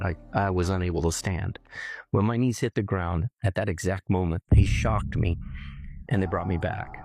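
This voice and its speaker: A middle-aged man from California telling a personal story earnestly, haltingly, often repeating words as he remembers. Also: sits low, gravelly, a little mellow. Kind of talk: personal testimony.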